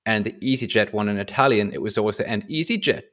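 Northern English man, podcast host, lowish voice, rambling chat. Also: steady tone, fast talker, fairly bright tone. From Northern England. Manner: chatty, rambling, restarts often.

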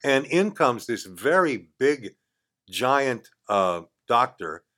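Older man spinning a lively studio yarn. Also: mid-range voice, slow. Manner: animated, acts out quoted voices, chuckles mid-story. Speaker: podcast guest. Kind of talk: casual storytelling. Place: radio studio.

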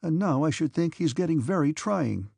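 A man's voice: a little high, animated, normal speed, creaky, darkish tone, husky, dry recording, studio quality, pitched above the performer's own voice, heavily acted. A man voicing a wry, bantering young prince in an audiobook, light and teasing. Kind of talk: audiobook character reading.

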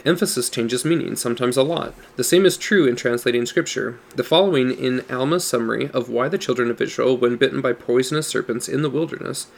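A man reads a religious study book aloud in a calm, teaching tone. His voice has a gravelly, fry-tinged texture at a middle pitch, and he stresses single words to make a point. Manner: measured, explanatory reading with stressed words. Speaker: audiobook narrator.

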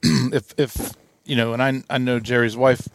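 A man's voice: mid-range voice, fairly even intonation, moderate pace, vocal fry, slight background noise. A man co-hosting a casual chat, speaking briefly and conversationally.

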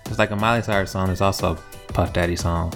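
A man with a somewhat low voice co-hosts a casual comedy podcast. He delivers dry jokes and meandering bits of trivia in a relaxed, offhand way. Faint music plays softly behind him. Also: fast. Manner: dry, rambling trivia humor. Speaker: podcast co-host.

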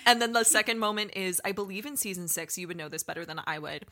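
In a casual podcast chat, the woman co-host speaks quickly in a mid-range voice. She tells stories animatedly, performing the quotes herself.

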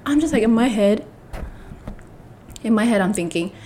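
A woman's voice: fairly high pitch, lively intonation, moderate pace, warm tone, slight background noise. A young woman with a mixed accent, telling a rambling, blunt story to camera in a casual vlog. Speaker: vlogger.

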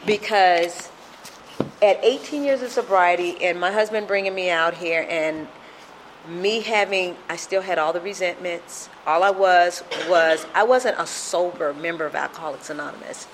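A woman's voice: fairly low pitch, moderate pace, a little hiss or hum. A middle-aged woman telling her recovery story at a meeting, emotional and repetitive in her storytelling.

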